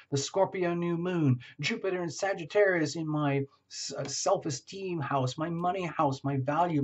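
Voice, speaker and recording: Male reader voicing an overeager client, boastful and raring to go, pitched up, lo-fi. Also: husky. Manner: excited, boastful, rushing. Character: fired-up overeager client, man.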